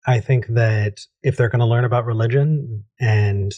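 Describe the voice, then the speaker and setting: A man's voice: mid-range voice, fairly even intonation, normal speed, mellow, lo-fi sound. A man hosting a call-in show, giving easygoing advice and thinking aloud with frequent restarts.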